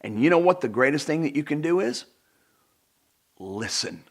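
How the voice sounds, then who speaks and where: A man's voice: on the high side, sing-song, normal speed. Emphatic middle-aged man giving self-help advice. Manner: emphatic, repeats for emphasis, addresses the viewer directly. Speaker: personal development speaker. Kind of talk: direct-to-camera self-help talk.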